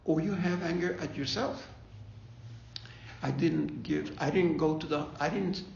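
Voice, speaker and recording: A grief ministry leader with a slightly high, gravelly, somewhat mellow voice leads a faith-based bereavement talk, unhurried and conversational, often repeating himself and checking in with "okay?". The recording is echoey and dull lo-fi, with slight hiss or hum.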